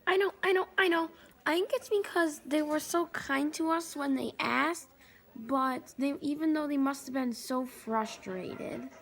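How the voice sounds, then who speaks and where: Casting: a woman as a high-voiced, slightly gravelly puppet pal, unhurried and helpful. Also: fairly bright tone. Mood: friendly. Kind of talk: kids show puppet play.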